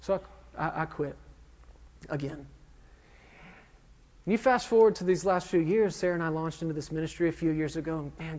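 A male minister giving a sermon testimony, telling a story in a self-mocking way with quick asides, on a dull recording. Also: fairly high pitch, darkish tone.

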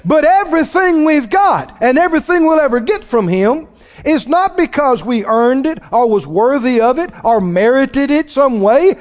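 A man's voice: very high-pitched, lively intonation, normal speed. A man preaching a sermon in a folksy, emphatic way, acting out the people he quotes. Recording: dull sound with long hall reverb.

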